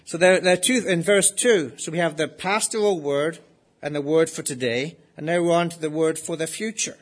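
A man delivers a sermon in a slightly higher-than-average voice. He speaks earnestly and keeps asking the congregation rhetorical questions. He slows down to repeat his key phrases. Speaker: preacher.

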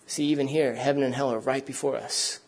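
Preacher, male, husky tone, conversational sermon delivery to a live congregation. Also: mid-range voice, steady tone, brisk, a little mellow.

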